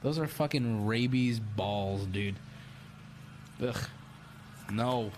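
A man hosting a stream in casual chat, blunt and profane, giggly and high. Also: very slow, darkish tone, slight background noise. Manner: profane, blunt, laughs often. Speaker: streamer host.

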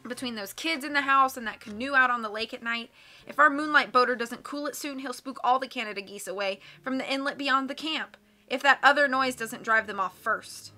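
A woman's voice: high-pitched, a little fast, sharp tone. A woman voicing a grumbling male wildlife researcher. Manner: grumbling, resentful. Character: irritable middle-aged male wildlife researcher.

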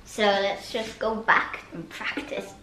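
A female violinist thinking aloud as she practices, hesitant and musing, with many pauses and ums. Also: medium pitch, fairly even intonation, loud music behind the voice. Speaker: violinist and vlogger. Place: practice room. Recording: echoey room with background noise.

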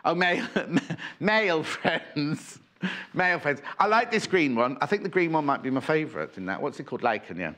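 A man's voice: fairly high pitch, very animated, fast talker, pushed and bright. A man presenting a live TV shopping show, chatting and rambling as he reads out viewer messages. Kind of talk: live TV selling chat. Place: TV studio. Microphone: earpiece and presenter mic.

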